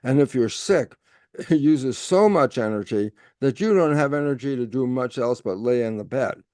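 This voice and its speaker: A man's voice: medium pitch, expressive, normal speed, mellow, no echo, studio quality. An older man explaining as a podcast guest, lecturing and acting out questions and answers with himself. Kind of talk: explanatory talk.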